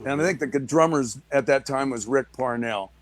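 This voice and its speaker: A man, a guest musician, telling lively anecdotes in a casual chat. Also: mid-range voice, moderate pace. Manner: animated anecdote-teller, lively asides.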